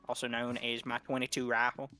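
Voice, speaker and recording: A gun-toting backwoods man with a put-on drawl, making mock threats in a teasing way, as a game caster puts him on. His pitch sits mid-range, with faint music behind. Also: completely flat delivery, fairly quick, bright, forceful tone, lightly acted.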